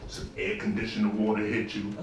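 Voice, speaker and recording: A man's voice: on the low side, a little fast. A man from New doing profane stand-up comedy on a club stage. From New York. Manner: animated, profane, bursts into mock shouting. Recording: echoey club from far off, crowd.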